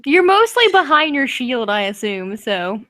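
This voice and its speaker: A woman's voice: sits high, big pitch swings, unhurried, a bit bright, dry recording. A young woman narrating as game master, laughing often as she goes.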